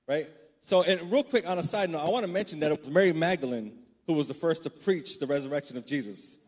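A man with a husky, somewhat high voice delivers a sermon. He reads scripture steadily, then slips into loose, conversational preaching, often checking that the congregation is following along. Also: expressive, quick pace, darkish tone.

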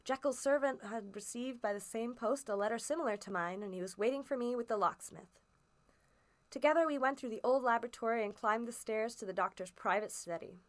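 A woman reading a classic story aloud as a first-person narrator, steady and expressive in emphasis. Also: a little high, fairly quick. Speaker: audiobook reader.

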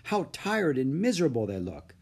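Man doing a prim proper rich girl, slow and sweet. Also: a little high, huge pitch swings, husky, heavily acted. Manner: prim, genteel.

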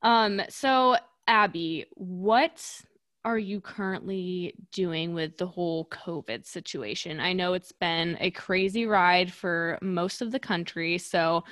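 A woman's voice: lowish voice, takes it slowly, fairly bright tone, dry recording, studio quality. A young woman hosting a casual interview, reacting with laughs and exclamations and asking easy questions. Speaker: host, interviewer.

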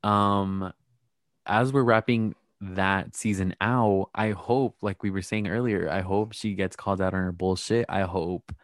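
A man's voice: deep voice, steady tone, unhurried, no echo, clean studio sound. A man co-hosting a casual podcast, bluntly weighing in on a reality show and laughing often. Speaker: podcast co-host. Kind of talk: casual reality TV recap chat.

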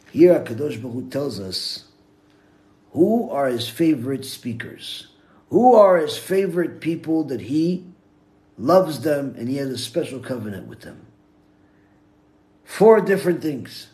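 Male rabbi, Torah lecture, mid-range voice, dramatic shifts from quiet to forceful, Hebrew terms throughout. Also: mid-range voice, animated, unhurried, pauses often. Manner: storytelling with big swings from hushed to loud; peppers English with Hebrew terms.

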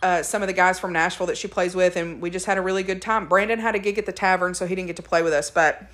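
A woman's voice: on the low side, fairly even intonation, racing, a bit bright. Woman, podcast co-host, casual storyteller. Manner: chatty storyteller, laughs often. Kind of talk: casual chat.

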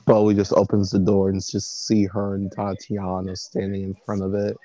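A man's voice: sits low, completely flat delivery, moderate pace, mellow. A man narrating an improvised role-play scene in a casual, laid-back way among friends.

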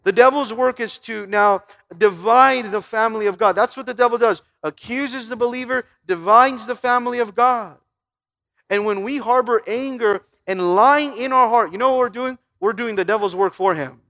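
A man delivers a sermon in a high voice for his sex, posing questions to his listeners and reading scripture aloud. He preaches with emphasis, often restarting and repeating words. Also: moderate pace, pushed and bright. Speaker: pastor.

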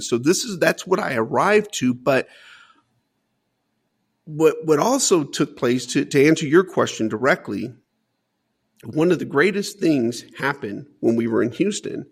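A man's voice: on the high side, expressive, a little slow, vocal fry, breathy edge. A man as an interview guest, earnestly telling a personal story and often repeating words as he searches for them.

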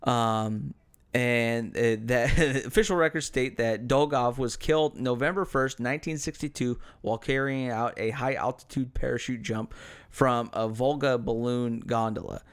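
A young American man co-hosting a casual podcast, his voice smooth and resonant at an ordinary middle pitch. He rambles through his points with frequent fillers and loose swearing. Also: fairly even intonation, moderate pace. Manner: rambling, profane, hesitant with many fillers. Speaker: podcast co-host. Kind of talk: casual chat.

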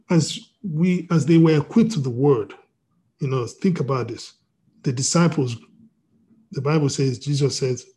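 A pastor reading scripture and preaching over a video call, with frequent restarts and "you know". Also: male voice, medium pitch, darkish tone, husky.

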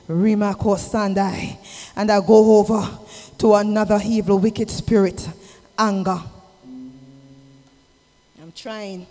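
A man preaching an impassioned sermon, swinging from shouted exhortation to low, intimate asides. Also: little pitch movement, takes it slowly, long pauses. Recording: long hall reverb with music behind.

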